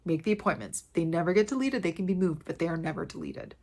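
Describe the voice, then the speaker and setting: A woman's voice: fairly low pitch, lively intonation, fast, a little mellow. A woman fitness coach giving an earnest, heartfelt motivational talk to her viewers, repeating key phrases for emphasis and close to tears with emotion.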